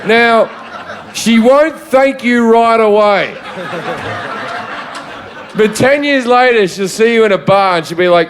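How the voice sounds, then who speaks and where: A man's voice: very high voice, takes it slowly, pauses often, background noise. A man on stage at a live comedy podcast, tossing off crude jokes and dry one-liners. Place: live show on stage before an audience.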